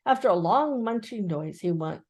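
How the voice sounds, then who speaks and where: An older woman gently and expressively reading a children's book aloud. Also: mid-range voice, lively intonation, moderate pace. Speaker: storyteller.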